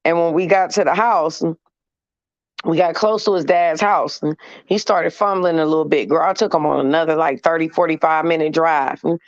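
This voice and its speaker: A woman's voice: deep voice, normal speed, no echo. A woman, animatedly telling a story on her livestream show, often humming "mm" and swearing freely. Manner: animated, swears freely, hums "mm" between phrases. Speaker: livestream host. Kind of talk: casual storytelling chat. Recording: dry, slightly dull lo-fi sound.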